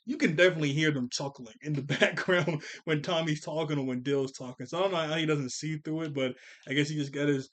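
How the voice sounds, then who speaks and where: A man's voice: on the high side, fairly even intonation, fast talker, hardly any pauses. A man casually recapping a cartoon episode, chatting loosely, laughing often and correcting himself mid-sentence.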